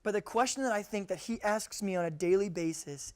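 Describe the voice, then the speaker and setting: A young man preaching to high school students in a casual, joking way, reading scripture and acting out the people in it. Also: a little fast, few pauses. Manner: jokey, conversational, acts out quotes. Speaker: youth pastor. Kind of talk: casual youth sermon.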